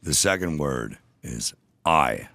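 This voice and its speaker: A man's voice: extremely low pitch, lively intonation, takes it slowly, bright, forceful tone, no echo. A man co-hosting a podcast, joking and teasing in casual chat. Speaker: podcast co-host.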